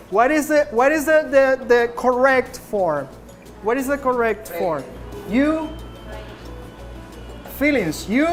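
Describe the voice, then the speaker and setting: A woman teaching English to a classroom, speaking very slowly and clearly in a fairly high voice. She repeats each prompt several times to drill her students. Faint music plays in the background. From Nicaragua.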